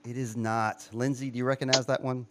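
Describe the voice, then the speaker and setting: A man's voice: medium pitch, flat delivery, brisk, background noise. A man hosting a casual chat, playfully quizzing his co-hosts and laughing often. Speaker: podcast host quizzing co-hosts.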